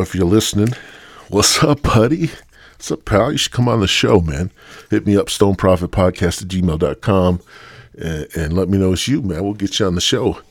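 A man's voice: sits low, slightly rough, dry recording, clean studio sound. A male podcast host rambling bluntly through a profane solo rant. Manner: rambling, heavy swearing, blunt.

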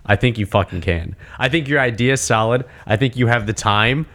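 A man in casual chat who talks excitedly, swears freely, and acts out imagined conversations. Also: mid-range voice, a little fast.

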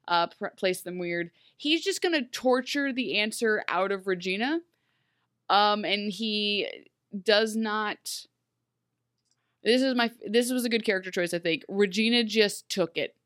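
A woman co-hosting a casual TV recap podcast, talking in an animated way with lots of asides and fillers. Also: medium pitch, unhurried. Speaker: podcast co-host.

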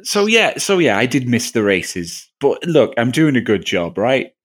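A man hosts a relaxed sports podcast, cracking jokes and laughing at his own asides. He stumbles and restarts as he talks, and his pitch moves around a lot. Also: unhurried, husky. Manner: jokey, laughs often, stumbles over words. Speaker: podcast host. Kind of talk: casual chat.

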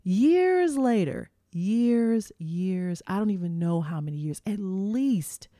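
A middle-aged woman hosting, telling a personal story in a lively, animated way and acting out the voices of the people in it. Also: mid-range voice, slow pace, no room sound, studio quality. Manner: animated, acts out quotes, addresses listeners as y'all. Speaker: host.

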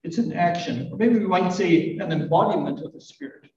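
Gentle older man preaching in a roomy hall. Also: high voice, animated, fairly quick. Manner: gentle, reflective, with soft asides and light self-deprecating humor. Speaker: pastor. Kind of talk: sermon. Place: church hall at a live service. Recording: roomy, distant, dull live recording.

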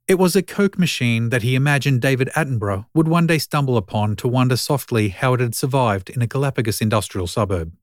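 A man reading a short story aloud in scripted narration, with an even, wry storytelling manner. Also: medium pitch, quick pace, hardly any pauses, dry recording, clean studio sound.

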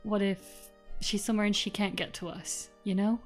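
A woman voicing her character at a tabletop game, speaking earnestly and reassuringly. Her voice sits at a middle pitch. Faint music plays underneath. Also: steady tone, normal speed. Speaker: player. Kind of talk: casual chat in character.

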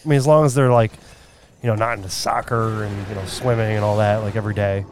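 A man's voice: fairly low pitch, steady tone, quick pace, background noise. Rambling man telling a story. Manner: rambling storyteller, lots of filler words. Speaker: podcast co-host. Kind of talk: casual chat.

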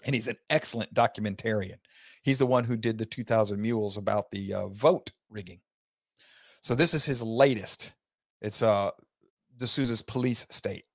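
A man hosting an opinionated talk show. He reads news aloud and breaks into heated, loud rants. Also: lowish voice, no room sound, studio quality. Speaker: host.

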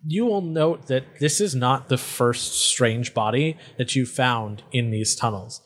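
A man narrating as game master of a tabletop role-playing game, speaking in a slow, deliberate way. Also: mid-range voice.

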